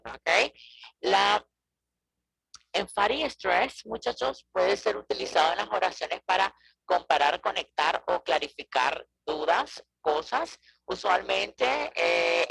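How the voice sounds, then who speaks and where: Gravelly, sharp-toned man teaching a class. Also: fairly high pitch, no room sound, low-quality recording. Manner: checks in with frequent "okay?". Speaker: English teacher. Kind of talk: online class lesson. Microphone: video call.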